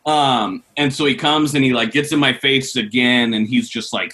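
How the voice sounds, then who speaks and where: A man telling a long, animated story on a podcast, laughing often as he goes. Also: mid-range voice, normal speed, slight background noise. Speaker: podcast co-host. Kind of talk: casual storytelling.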